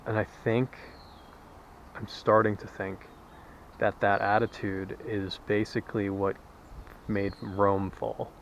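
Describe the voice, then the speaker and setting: A man's voice: on the low side, level tone, slow, gravelly, long pauses, dull audio, slight background noise. A man vlogging while out walking, rambling candidly in a casual monologue and swearing freely. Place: outdoors, walking.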